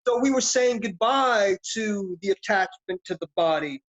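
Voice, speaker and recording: A man's voice: high voice, animated, normal speed, fairly bright tone. A middle-aged man, an actor, talking in a reflective, philosophical, street-casual way in an interview. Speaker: actor guest. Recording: dull lo-fi sound.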